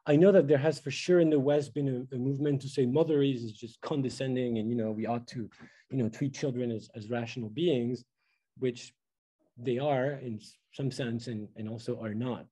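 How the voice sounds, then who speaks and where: A man's voice: mid-range voice, fairly even intonation, moderate pace, mellow, slightly rough, poor audio. A middle-aged man giving an academic lecture, thoughtful and full of fillers and restarts.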